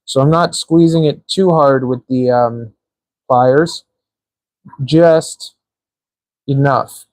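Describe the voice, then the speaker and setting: A man's voice: medium pitch, slow pace, long pauses, darkish tone, no echo. A man hosting a live stream, chatting casually and joking while he assembles small parts, rambling with lots of filler words. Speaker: livestream host building a drone.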